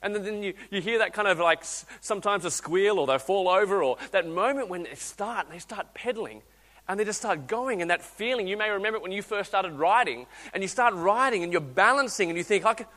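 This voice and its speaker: A man in his thirties preaches a sermon in a high, bright voice. He tells stories animatedly, acting out voices and restarting his sentences. The sound carries the long reverb of a church hall. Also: fairly quick. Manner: animated storytelling, acts out voices, restarts often.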